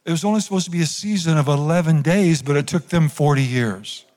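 A man's voice: on the high side, brisk, a little mellow, big-room sound. A man preaching a sermon as pastor to his congregation in church, calling on them to repeat lines after him. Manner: preaching with call-and-response to the congregation. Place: church sanctuary.

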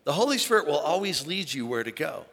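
A man preaching an animated sermon to a church congregation, calling on them to shout along. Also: on the high side, fast, gravelly. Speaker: pastor. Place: large church auditorium. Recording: long hall reverb.

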